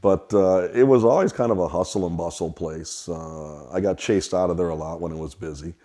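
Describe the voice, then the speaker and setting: A man's voice: sits low, a little fast. A middle-aged man from Wisconsin, telling rambling stories about his childhood at the family restaurant. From Wisconsin, USA. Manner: relaxed, rambling anecdotes. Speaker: restaurant kitchen worker. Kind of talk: storytelling interview.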